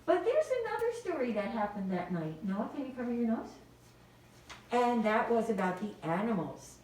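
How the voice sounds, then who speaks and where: A woman teaching small children in a classroom, prompting them in a gentle, sing-song way and praising their answers. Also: on the high side, very animated, normal speed, a little hiss or hum. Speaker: preschool teacher. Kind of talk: leading a children's Christmas lesson. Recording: very echoey room, distant mic.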